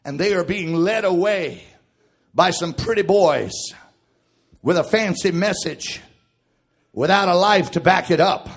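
A man preaching a sermon, shouting in a chanted cadence that drops to quiet reading of scripture. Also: high voice, unhurried, pauses often, breathy edge.

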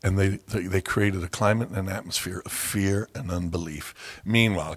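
A man preaching a sermon, telling stories and acting out quoted voices with loud, high outbursts. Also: steady tone, moderate pace, few pauses, breathy edge. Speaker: pastor.

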